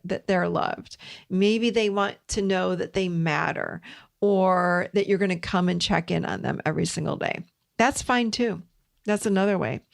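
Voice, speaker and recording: A middle-aged woman therapist hosts her own podcast, talking listeners through emotional exercises in a gentle, coaching way. Her voice has a noticeable gravelly fry at a medium pitch. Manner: gentle, coaching, speaks imagined dialogue softly. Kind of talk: solo podcast teaching.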